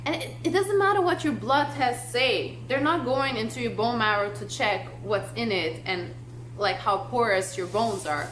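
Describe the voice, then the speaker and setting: A woman's voice: fairly high pitch, lively intonation, normal speed, fairly bright tone. A young woman vlogging to camera, talking in a passionate, emphatic way with lots of "like". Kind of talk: casual talk to camera. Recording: echoey room, faint noise.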